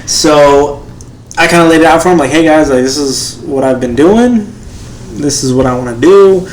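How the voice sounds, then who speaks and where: Guy in his 30s telling a story on a podcast, slightly high voice, doing little voices for people, faint hiss behind. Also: moderate pace, echoey room, poor audio. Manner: animated storyteller, acts out quotes in other voices. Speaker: podcast co-host, first responder. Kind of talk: casual storytelling.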